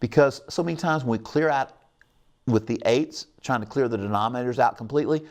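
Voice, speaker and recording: A man's voice: medium pitch, a little fast, a little mellow. A middle-aged man hosting a televised math lesson, upbeat and coaxing, often checking in with his viewers. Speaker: math teacher hosting a call-in show.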